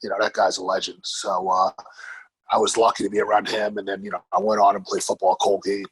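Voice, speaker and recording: A man in his forties from New York, casually telling his life story in an interview, animated and swearing freely. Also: on the low side, fast talker, slightly rough, no room sound, rough recording. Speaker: podcast guest, grappling coach.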